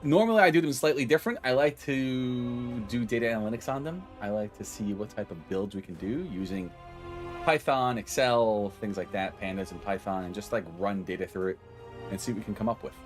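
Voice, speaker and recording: A man's voice: fairly low pitch, fairly quick, soft background music. A man streaming casually, rambling cheerfully, greeting viewers by name and joking at his own expense. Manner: self-deprecating, loses his train of thought. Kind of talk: casual live-stream chat.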